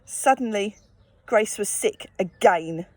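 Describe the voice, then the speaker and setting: A woman reading a children's picture book aloud, gently expressive and adding sympathetic asides. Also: mid-range voice, takes it slowly, dry recording. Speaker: storyteller.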